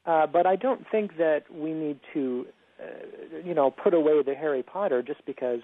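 A man's voice: on the high side, moderate pace, dry recording. A man speaking as an author guest on a radio show, earnest and thoughtful, often repeating words as he starts a thought. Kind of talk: radio interview. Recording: tinny phone line.

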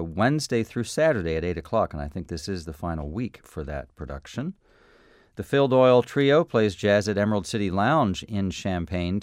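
Low-voiced man hosting local radio, event listings, unhurried delivery with fillers. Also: no room sound, clean studio sound. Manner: relaxed, with frequent fillers. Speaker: radio host. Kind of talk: community radio announcements.

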